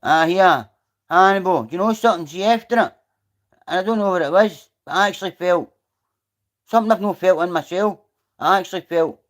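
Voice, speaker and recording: Sitting outdoors, a Scottish man hosts a livestream and chats casually, rambling through a story and swearing freely. His voice is high-pitched with a fairly bright tone.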